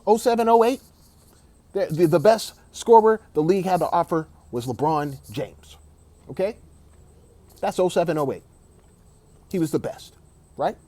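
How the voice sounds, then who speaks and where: Guy ranting hard about sports, super animated pitch, keeps calling you dog, dry close sound. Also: normal speed, long pauses, dry recording. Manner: emphatic, repetitive, keeps saying "dog". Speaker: sports commentator. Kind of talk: opinionated sports rant.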